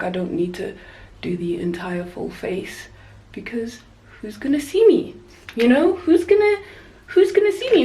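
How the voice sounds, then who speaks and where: A young woman from South Africa chats away while doing her makeup, telling a story from work as a flight attendant. She talks in a casual, animated way. Her voice sits at an ordinary middle pitch. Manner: chatty, animated storyteller, rising high for quoted voices.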